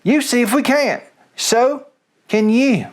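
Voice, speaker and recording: A man's voice: extremely high pitch, takes it slowly, voice pushed up. A man with a Southern US accent voicing a pack of starving young fox children who eagerly plead with their father.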